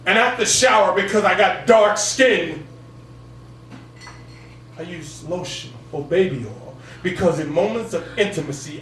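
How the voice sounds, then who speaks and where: Baritone poet in an echoey room. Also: male voice, measured pace, a bit bright. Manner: rhythmic delivery built on a repeated refrain. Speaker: open mic poet. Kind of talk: spoken word poetry performance. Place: cafe gallery open mic stage. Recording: echoey room, far from the mic, faint hum.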